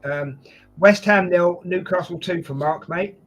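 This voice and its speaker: A man's voice: high-pitched, a little slow, soft background music. A man hosting a casual football preview chat, joking and calling his guests mate. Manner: jokey, chatty, addresses guests as mate. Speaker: host.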